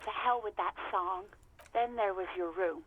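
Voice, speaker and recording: A woman's voice: mid-range voice, moderate pace, narrow, tinny audio, a little hiss or hum, close to an everyday voice. A woman voicing a weary young former hotel clerk who talks bluntly and with exasperation. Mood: exasperated.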